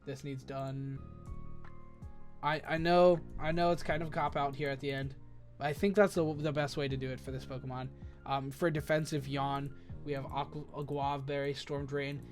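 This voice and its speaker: A man's voice: medium pitch, steady tone, moderate pace, faint music behind. A man giving casual, rambling commentary as he builds a competitive team, thinking aloud and correcting himself with lots of fillers.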